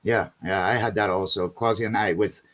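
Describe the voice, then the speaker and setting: A man's voice: lowish voice, fairly even intonation, fairly quick, fairly bright tone. A man hosting a casual video chat, telling rambling stories, swearing freely and calling people buddy and man.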